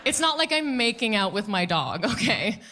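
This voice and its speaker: Bright, animated woman doing stand-up. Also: on the high side, normal speed, a little hiss or hum. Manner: animated, playful storytelling with mock voices. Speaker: stand-up comedian. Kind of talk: stand-up comedy set. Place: comedy club stage.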